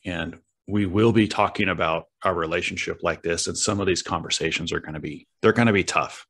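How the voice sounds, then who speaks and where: Low-voiced reflective male podcast host. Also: fairly bright tone, slightly rough. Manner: reflective, halting, searches for words. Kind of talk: reflective conversational interview.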